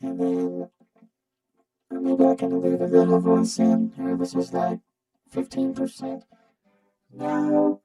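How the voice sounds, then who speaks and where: Guy rambling thru a vocoder in his basement, robot voice jumping all over in pitch, gravelly, slow, synth chords under it. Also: wildly swooping pitch, warm tone, faint music behind, poor audio. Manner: rambling, thinking aloud with fillers. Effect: vocoder robot voice played from a keyboard. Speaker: home studio owner demonstrating gear. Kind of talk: casual gear demo. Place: home basement studio. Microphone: separate small vocoder mic. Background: synth chords from his keyboard.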